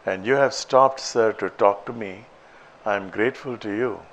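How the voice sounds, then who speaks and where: A man's voice: lowish voice, normal speed, muffled recording, close to an everyday voice. A man voicing a poor small boy in a story he tells, speaking plaintively and earnestly. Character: poor small boy praying outside a temple.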